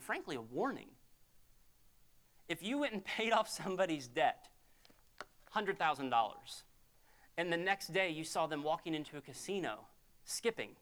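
A man's voice: on the high side, fairly bright tone. A man preaching a sermon as a pastor, in a conversational, emphatic storytelling way.

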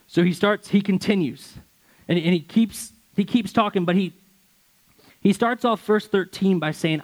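A young male pastor delivers a sermon in a voice that sits a little high. He reads scripture passages aloud, then explains them in an easy, conversational way, sometimes restarting a phrase. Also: normal speed, rough recording.

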